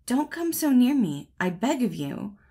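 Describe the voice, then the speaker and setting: A woman's voice: a little high, big pitch swings, measured pace, dark tone, breathy edge, pitched above the performer's own voice, full character voice. A woman voicing a bashful, modest young female garter in a storybook, refusing in a prim, haughty way.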